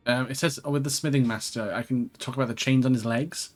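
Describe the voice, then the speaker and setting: A man playing a co-op game, relaxed, swearing casually and reading out the game's dialogue. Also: medium pitch, fast talker, faint music behind. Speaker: co-op gaming guest. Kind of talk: casual gaming chat.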